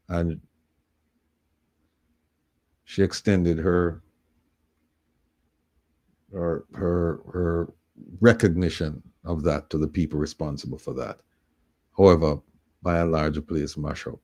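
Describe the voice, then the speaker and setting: A man's voice: low voice, mellow. A man with a Jamaican accent hosting a live call-in talk show, emphatic and repeating his points.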